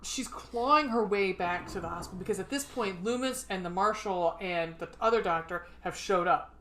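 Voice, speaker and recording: A woman co-hosts a casual podcast, walking through a film's plot with plenty of fillers and curses. Her voice is bright and clear. A faint hiss runs behind her. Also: medium pitch, moderate pace. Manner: swearing, chatty, filler-heavy recap. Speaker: podcast co-host. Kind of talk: casual chat.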